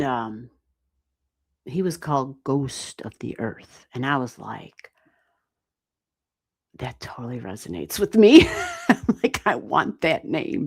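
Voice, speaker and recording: Low-pitched woman, midwestern US accent, chatty livestream astrologer, dry close sound. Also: vocal fry, no room sound. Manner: chatty, animated, swears casually. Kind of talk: casual live-stream reading.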